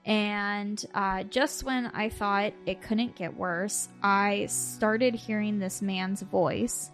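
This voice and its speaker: A woman podcast host telling a story casually over a video call, animated, laughing and swearing as she goes. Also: mid-range voice, takes it slowly, faint music behind.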